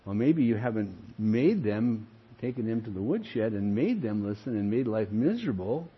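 Older man, pastor, emphatic sermon, lively swooping pitch, dull lo-fi sound. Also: moderate pace, husky. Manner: earnest preaching, emphatic, addresses listeners as friends.

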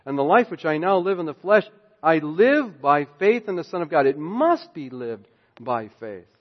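A male pastor preaching a sermon with a somewhat high voice, pressing his points loudly and then dropping to a hush. The sound is dull and a little muffled. A long reverb trails his words through the church sanctuary. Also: sing-song, normal speed. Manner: emphatic preaching, swings between loud and hushed.

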